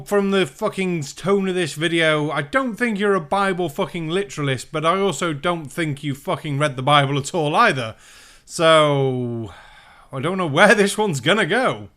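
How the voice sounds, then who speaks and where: A man's voice: high-pitched, sharp tone. A man hosting a reaction channel, delivering sarcastic, profane commentary. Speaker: channel host.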